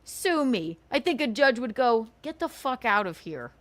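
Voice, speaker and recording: A woman's voice: a little high, sing-song, normal speed, a bit bright. A woman hosting a livestream, ranting sarcastically and profanely, scolding her critics between bursts of laughter. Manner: indignant, scolding. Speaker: livestream host.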